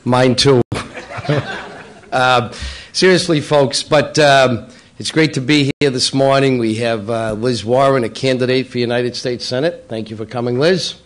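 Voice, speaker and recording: Brief: middle-aged man roasting local officials, playful, jokey, mid-pitched, in a banquet room. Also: a little slow. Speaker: local politician speaking at a breakfast. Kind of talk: roast-style joke telling. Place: banquet room at a public breakfast.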